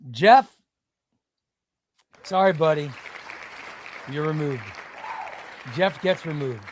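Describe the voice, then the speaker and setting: A man hosting a live stream, chatting casually and bursting into loud exclamations before dropping to quiet muttering. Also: on the high side, takes it slowly, a crowd in the background, noisy background. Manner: excitable, shouts names then drops to muttering.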